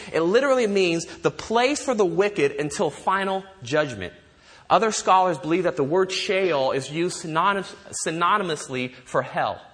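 A man preaching a sermon, animated, asking his listeners rhetorical questions. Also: sits high. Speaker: pastor.

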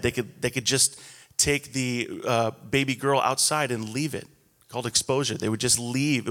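In an echoey hall, a pastor in his thirties with a mid-range, fairly bright voice preaches a sermon. He tells stories casually and conversationally, with a self-deprecating touch.

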